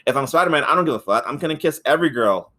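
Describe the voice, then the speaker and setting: A rambling, foul-mouthed man in a casual podcast chat. He talks at an ordinary pitch, tells the story in loose stretches and keeps acting out the lines of the people he describes. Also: lively intonation, rapid-fire, sharp tone. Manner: rambling, swears a lot, acts out quotes. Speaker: podcast co-host reviewing a film.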